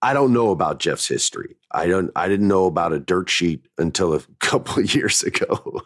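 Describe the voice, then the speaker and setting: A man's voice: deep voice, animated, moderate pace, dry recording, studio quality. A man in his forties hosting a podcast, telling a story in a candid, reflective way and looping back to restart his thoughts. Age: 40s. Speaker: podcast host. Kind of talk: casual storytelling monologue.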